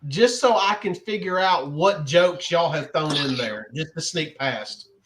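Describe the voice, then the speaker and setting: A co-host on a casual podcast drops wry, joking asides. The pitch moves around a lot. A faint hiss sits under the voice. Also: lively intonation, measured pace, fairly bright tone, poor audio.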